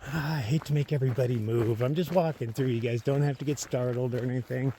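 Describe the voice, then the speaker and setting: A man of middling pitch talks his way along a wet trail outdoors, chatty and playful, chattering to himself and the animals he passes. The recording is noisy, with open-air ambience and animal sounds behind him. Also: steady tone, fast talker, warm tone. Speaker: solo long-distance hiker. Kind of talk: casual vlog narration while walking.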